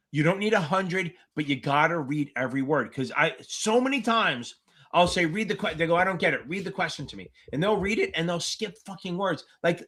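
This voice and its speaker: On a livestream Q&A, this exam tutor answers candidates bluntly and emphatically, with profanity sprinkled throughout. He has a fairly high, bright voice with a forceful tone.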